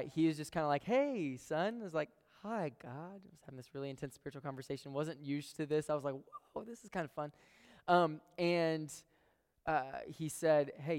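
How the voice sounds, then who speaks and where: A man's voice: a little high, clean tone. Young man preaching in a reverberant hall. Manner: storytelling, earnest, addresses crowd as guys. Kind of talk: sermon.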